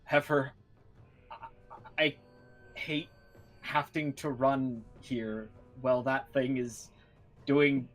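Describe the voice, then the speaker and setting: Desperate exasperated guy on the run begging for help, man doing the voice, mid-pitched, dnd game. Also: steady tone, slow, long pauses, fairly bright tone, soft background music, poor audio. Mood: exasperated pleading. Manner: exasperated, pleading. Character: desperate male adventurer praying while fleeing.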